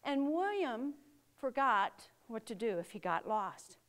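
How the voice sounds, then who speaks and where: Speaking in a fairly high, sing-song voice, a middle-aged woman teaches small children safety rules. She is slow and emphatic and keeps asking the children questions.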